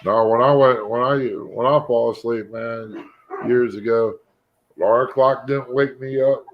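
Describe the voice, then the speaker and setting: A man's voice: mid-range voice, fairly even intonation, measured pace, a little hiss or hum. Easygoing man, lo-fi sound. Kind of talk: casual chat. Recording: dull lo-fi audio.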